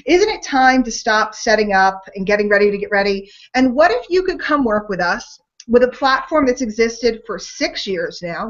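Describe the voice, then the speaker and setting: A woman's voice: a little high, fairly bright tone. A woman co-hosting a sales webinar in a gushing, chatty way, laughing often, over an online call. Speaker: webinar co-host. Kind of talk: upbeat sales webinar talk. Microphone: online call mic. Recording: dull lo-fi online call audio.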